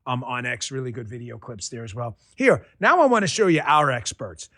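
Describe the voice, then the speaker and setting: A man from Queens hosting a political talk show, loud, passionate and profane, mocking his opponents with sarcasm. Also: medium pitch, expressive, brisk. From Queens, New York. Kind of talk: heated political commentary.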